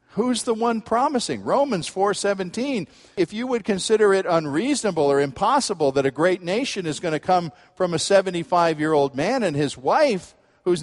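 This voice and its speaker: A middle-aged man delivers a sermon in a large hall whose long reverb trails after each phrase. His voice sits somewhat high for a man. He moves between hushed, low asides and loud, emphatic exclamations. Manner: animated preaching, swinging from quiet to emphatic. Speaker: pastor.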